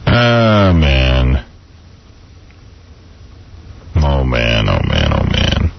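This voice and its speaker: A man's voice: rumbling low, sing-song, takes it slowly, creaky. A man hosting a talk radio show, telling stories in casual banter and slipping into voices for the people he quotes. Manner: storytelling, quoting others in put-on voices. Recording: muffled radio broadcast.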